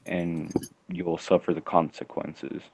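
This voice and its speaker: A man's voice: low-pitched, flat delivery, darkish tone, husky. A man calling into a casual online hangout late at night, keeping his voice down. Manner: keeps his voice down, talks slowly. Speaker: hangout caller. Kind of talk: casual chat. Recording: dull, dry lo-fi call audio.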